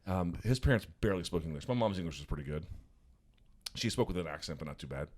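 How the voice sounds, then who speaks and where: A man co-hosting a podcast in casual chat, telling stories in an animated, profane way from a hotel room. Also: deep voice, fast. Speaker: podcast co-host.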